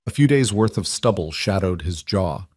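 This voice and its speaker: Brief: low-pitched male narrator for a dry, close storybook read, steady and measured. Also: husky, dry recording. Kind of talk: scripted audiobook narration.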